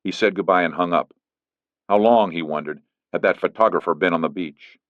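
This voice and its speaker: A man narrating an audiobook in a steady, even reading. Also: low voice, a little fast, dry recording. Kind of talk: scripted narration. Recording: dull lo-fi, dry studio.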